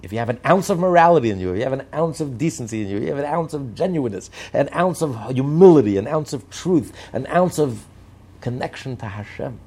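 Speaking fast with lively intonation, a man offers fervent political and moral commentary, stacking up repetitive rhetorical lists for emphasis. His medium-pitched voice has a dark tone and a breathy edge.

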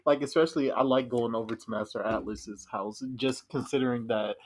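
A man's voice: mid-range voice, a little fast, a little hiss or hum. Easygoing young man on a podcast. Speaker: podcast co-host. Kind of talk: casual podcast chat.

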